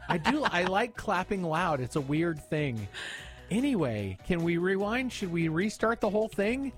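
Animated goofy man co-hosting radio. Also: high-pitched, moderate pace, faint music behind. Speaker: radio morning show co-host. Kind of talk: casual radio banter.

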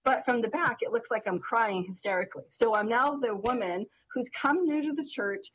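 Laughing through her story, a middle-aged co-host with a distinctive, somewhat high voice speaks animatedly at normal speed in casual chat. The recording is rough, with slight background noise.

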